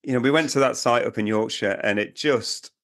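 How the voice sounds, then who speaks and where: A man's voice: mid-range voice, a little fast, fairly bright tone. A British man co-hosting a camping podcast in a chatty, joking way. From Britain. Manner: chatty, joking, puts on silly accents. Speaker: podcast co-host. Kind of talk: casual chat.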